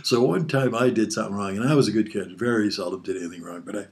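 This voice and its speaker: A man's voice: lowish voice, quick pace. An older man, a father, telling rambling family stories from his childhood and chuckling often as he talks. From Hawaii. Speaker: father being interviewed. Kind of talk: casual storytelling.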